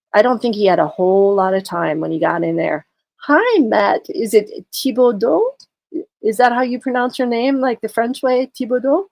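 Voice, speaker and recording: A woman's voice: on the low side, darkish tone, dry recording. A tired woman livestreaming in casual chat, talking through a case and greeting her viewers. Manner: chatty, greets viewers, many fillers. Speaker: true crime livestreamer.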